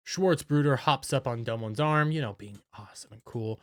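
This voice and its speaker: A man's voice: mid-range voice, moderate pace, hardly any pauses, no echo, clean studio sound. A man giving a casual, enthusiastic episode recap as an anime reviewer, often stumbling over his words.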